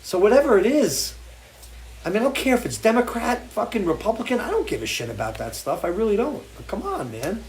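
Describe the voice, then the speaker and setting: A man's voice: high voice, big pitch swings, a little fast, darkish tone, slight background noise. A man hosting a live music show, talking off the cuff in an impassioned, swearing rant full of restarts. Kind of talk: off-the-cuff livestream talk. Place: home porch.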